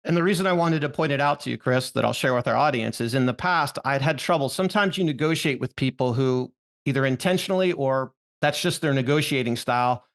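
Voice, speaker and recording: A man's voice: mid-range voice, fairly quick. A man hosting an interview who tells stories and asks long, winding questions. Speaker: interview host. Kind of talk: conversational interview.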